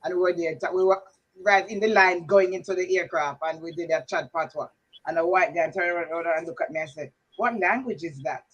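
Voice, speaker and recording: A Jamaican man telling animated anecdotes in a casual chat on a video call. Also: on the high side, a little fast, dull audio, noisy background. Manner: animated anecdotes, laughs at his own story.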